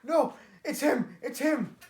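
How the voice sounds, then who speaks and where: A man shouting as a terrified cornered alien warlord. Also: fairly high pitch, flat delivery, brisk, lightly acted. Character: frightened male alien warlord, cornered and desperate. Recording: roomy echo.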